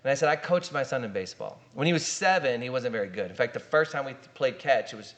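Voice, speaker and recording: A middle-aged man, a pastor and guest, telling lively stories in casual podcast conversation and acting out the quotes. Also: medium pitch, quick pace. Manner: animated storyteller, acts out quotes.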